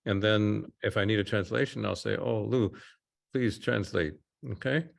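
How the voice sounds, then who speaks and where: A man working as a therapist, guiding a client through a slow, soothing body-awareness exercise. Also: on the low side, gravelly. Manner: slow, soothing guided instructions. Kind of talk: guided therapy session.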